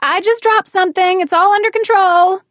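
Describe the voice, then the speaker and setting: A woman's voice: very high voice, fairly even intonation, normal speed, fairly bright tone, dry recording, pitched above the performer's own voice. A woman voicing a flustered, exasperated young woman calling out in a raised, exclamatory way.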